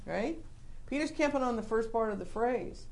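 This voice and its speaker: A woman preaching a sermon in an animated storytelling manner, acting out the scenes she describes. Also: fairly high pitch, moderate pace.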